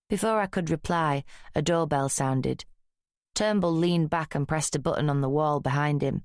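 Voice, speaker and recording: A woman reading a crime thriller audiobook in a dry, wry, measured first-person narration. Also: sits low, dry recording.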